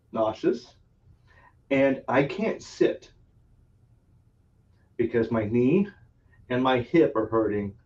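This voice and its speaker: A man's voice: medium pitch, darkish tone. A man hosting a podcast, telling a long story in casual chat, laughing often and swearing freely. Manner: laughs often, profane, rambling anecdote. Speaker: podcast host. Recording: distant, dull lo-fi sound.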